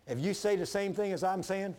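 A man preaching a fervent sermon as pastor, swinging from loud emphasis to hushed lows and calling on the congregation to answer. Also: fairly quick. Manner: calls for congregation responses.

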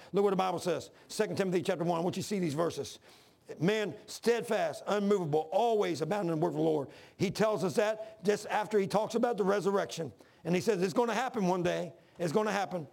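A man's voice: high-pitched, vocal fry, darkish tone. An older man preaching a sermon, mixing scripture with folksy, plain-spoken stories. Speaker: pastor.

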